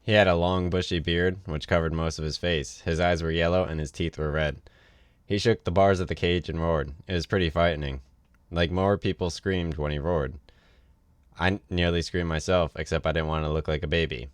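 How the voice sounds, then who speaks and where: A man reads a novel aloud for a livestream, in an easy, casual way with offhand asides. His voice sits very low. The sound is close and dry. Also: fairly even intonation, a little fast, smooth, dry recording. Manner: casual read with ad-libbed asides. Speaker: reader.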